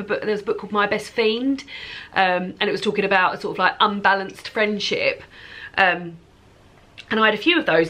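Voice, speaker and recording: A woman's voice: on the low side, bright, forceful tone. A woman vlogging at home, chatting casually about books in a rambling way full of fillers. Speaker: book vlogger. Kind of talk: casual chat to camera.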